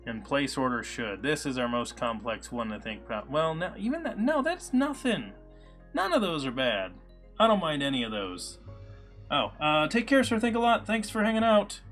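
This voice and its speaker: A man hosts a live coding stream, speaking at normal speed in a sing-song, mid-range voice. He thinks aloud with plenty of fillers and answers chat in casual commentary, with soft music playing behind him.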